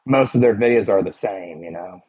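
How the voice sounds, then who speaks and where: A man's voice: low voice, a little fast, darkish tone, slightly rough, poor audio. A man with a Philadelphia accent chatting casually with his livestream viewers, rambling and full of "like" and "you know".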